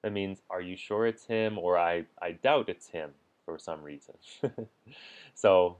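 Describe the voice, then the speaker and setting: A man with a lowish, smooth and clear voice explains language points step by step. He keeps a relaxed teaching manner and lets out small chuckles between examples. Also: normal speed.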